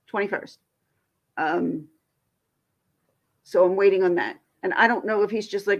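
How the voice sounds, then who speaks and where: Woman streamer, gravelly, chatty and frustrated, rambling, dull lo-fi audio. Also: mid-range voice, moderate pace, long pauses. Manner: venting, frustrated, rambling with restarts. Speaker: livestream host. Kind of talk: casual livestream chat.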